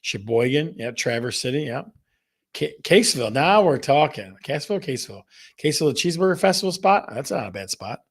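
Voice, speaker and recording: A man's voice: mid-range voice, lively intonation, quick pace. A middle-aged man hosting a casual real estate show, chatting loosely, repeating himself and tossing questions to his audience. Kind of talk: casual live-stream chat reading viewer comments.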